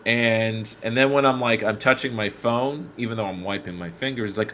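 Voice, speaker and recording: Guy telling a story on a podcast, mid pitch, gets loud doing the other voices, faint hiss behind. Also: moderate pace. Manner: animated, acts out quoted people, swears. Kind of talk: casual storytelling chat. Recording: faint background noise.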